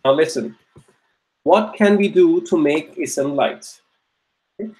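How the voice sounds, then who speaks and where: A man's voice: fairly high pitch, expressive, takes it slowly, darkish tone. A man teaching an online grammar class, patiently repeating each point and checking that students follow. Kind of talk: online Arabic grammar lesson.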